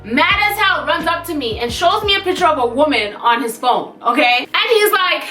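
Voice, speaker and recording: A young woman in her twenties, a vlogger telling a storytime tale in an animated, sassy way with blunt slang. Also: high voice, moderate pace. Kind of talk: storytime vlog. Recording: echoey room, mic at a distance, faint music.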